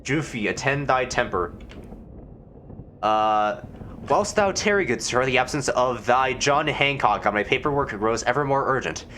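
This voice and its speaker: A man's voice: medium pitch, animated, measured pace, fairly bright tone, slight background noise. A man voicing an insistent woman landlady in a video game, speaking in a formal, old-fashioned way with thee and thou.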